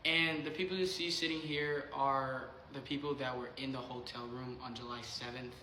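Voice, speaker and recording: A man's voice: mid-range voice, steady tone, bright, forceful tone, echoey room, slight background noise, poor audio. A man telling a personal story casually, acting out quoted dialogue and saying "like" a lot. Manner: rapid retelling full of quoted dialogue and filler "like". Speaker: vlogger.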